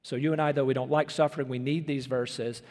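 A man's voice: medium pitch, fairly even intonation, a little fast, a little mellow, in a large hall. A man preaching a sermon as pastor, earnest and emphatic, asking his listeners questions.

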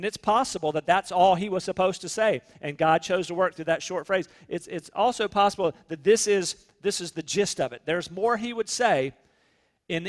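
A man preaching a sermon as pastor, earnest, slowing down to stress key points. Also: high-pitched, long reverb tail. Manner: earnest preaching, slows for emphasis.

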